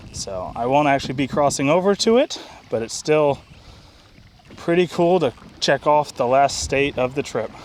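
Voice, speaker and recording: Beside a river outdoors, a man records a casual travel vlog, speaking plainly and often repeating himself. His voice is a little high, with slight hiss or hum in the audio.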